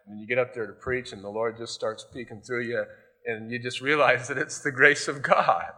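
Man preaching a sermon, super bright clear voice, chatty and storytelling. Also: medium pitch, fairly even intonation, normal speed. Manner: conversational storytelling with lots of "you know". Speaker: pastor.

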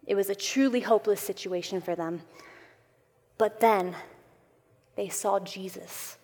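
A woman preaches a Bible lesson to a gathering of women, her voice sitting in an ordinary middle register. She talks earnestly and expressively, pushing some phrases out with force and pulling others down low. A long reverb trails each phrase, as in a large hall. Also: a little slow. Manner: earnest, expressive preaching with emphatic swells and soft drops. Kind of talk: sermon.

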